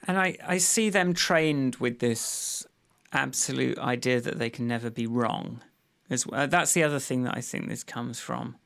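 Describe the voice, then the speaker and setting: Podcast co-host, man, mid pitch, thoughtful and halting delivery. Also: gravelly, a bit bright. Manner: musing, hesitant, reads passages aloud. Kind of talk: casual podcast chat.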